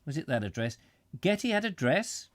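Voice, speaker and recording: Rambling middle-aged Englishman with a lively voice. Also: a little high, normal speed, dry recording. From Britain. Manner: rambling, self-interrupting, chatty asides. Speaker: reader and host. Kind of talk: live reading with chat comments.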